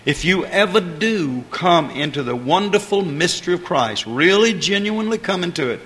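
A man preaching a sermon in a measured style that builds to fervent emphasis, speaking to a congregation. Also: high voice, lively intonation, a bit bright. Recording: long hall reverb, faint ambient noise.

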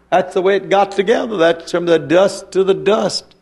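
A man's voice: high voice, normal speed, vocal fry, a little mellow. A man preaching a fervent sermon, firing rhetorical questions and rising into emphatic bursts.

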